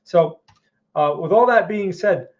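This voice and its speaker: A man's voice: high-pitched, expressive, unhurried. A man hosting a live market analysis, talking viewers through charts in a loose conversational way and often checking in with them. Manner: conversational, keeps checking in with "right?" and "okay?"; repeats and restarts phrases while thinking aloud. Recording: dull lo-fi sound.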